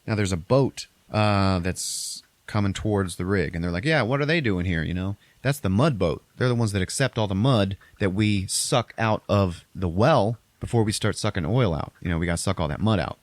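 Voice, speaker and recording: Low-voiced man casually recapping a movie. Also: moderate pace, few pauses, no echo. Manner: profane, rambling, acts out characters in exaggerated high voices. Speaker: podcast host recapping a movie. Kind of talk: casual chat.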